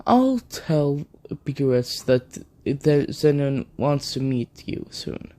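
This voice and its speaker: A man's voice: medium pitch, sing-song, slow, warm tone. A man voicing a formal, obliging male divine priest.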